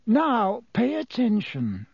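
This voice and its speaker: A man voicing an old, wise male headmaster wizard in an audiobook, speaking slowly, quietly and very clearly. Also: sits high, wildly swooping pitch, no echo, pitched above the performer's own voice, exaggerated voice. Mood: instructing. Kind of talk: audiobook character voice.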